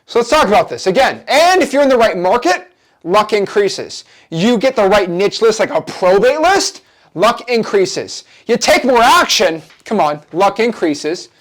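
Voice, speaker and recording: Animated, hyped-up male wholesaling coach. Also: high voice, moderate pace. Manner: animated, repetitive, hyped-up motivational delivery. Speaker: real estate wholesaling coach. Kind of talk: energetic coaching lecture.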